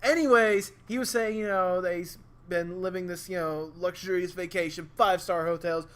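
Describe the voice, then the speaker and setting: A man's voice: high-pitched, fairly even intonation, moderate pace, fairly bright tone, clean tone. A young man hosting a wrestling podcast, recapping in casual chat with lots of fillers. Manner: rambling recap full of fillers. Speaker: podcast host.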